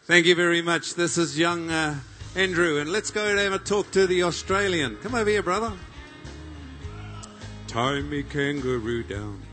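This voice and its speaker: A man's voice: fairly even intonation, a little fast, few pauses, faint music behind. A man, working as a live event MC, rousing the crowd and joking with competitors. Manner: loud, jokey, booming crowd-rousing. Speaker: event MC and interviewer. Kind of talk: live arena announcing and interviews.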